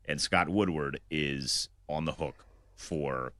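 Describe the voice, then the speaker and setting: Male co-host, very low pitch, forceful delivery, sarcastic. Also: slow, no echo. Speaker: sports show co-host. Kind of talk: casual sports talk.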